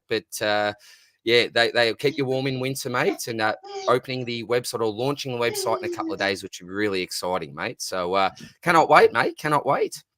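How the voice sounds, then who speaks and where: A man's voice: mid-range voice, fairly bright tone, no room sound. A young Australian man, a teacher by day, chatting casually and cheerfully on a live stream, dropping "mate" into nearly every sentence. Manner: upbeat, says "mate" constantly. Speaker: fantasy sports podcaster, guest.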